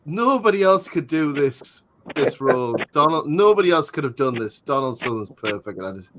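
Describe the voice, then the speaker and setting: A man hosting a casual live film commentary, chatty and jokey, often trailing off with fillers. His voice sits a little high for a man. A faint hiss runs under the recording. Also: big pitch swings, normal speed. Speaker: host of a live movie-watch commentary.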